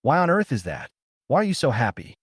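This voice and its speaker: A man's voice: medium pitch, huge pitch swings, fairly quick, husky, dry recording, clean studio sound, pitched above the performer's own voice. A man voicing an indignant young male student who is easily riled and complains in a huffy way.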